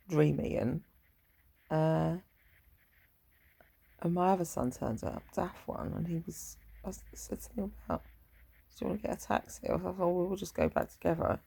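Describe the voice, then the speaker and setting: Very gravelly, husky woman. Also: on the low side, mellow. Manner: rambling, sweary, laid-back. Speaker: parent. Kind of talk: casual chat.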